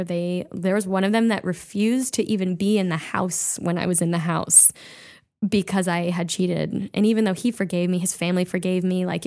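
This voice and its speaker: A woman comedian guest in casual chat, who swears freely and laughs as she tells an emotional story. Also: on the low side.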